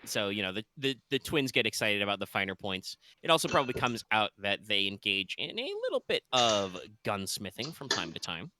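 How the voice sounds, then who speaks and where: A man's voice: on the low side, very animated, a little fast, few pauses, background noise. A man running a tabletop game as game master, chatty and jokey.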